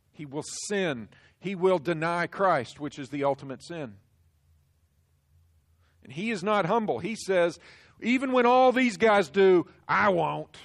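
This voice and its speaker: Emphatic preacher, a man with raised pitch. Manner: emphatic, swings from hushed to loud. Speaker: pastor. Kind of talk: sermon.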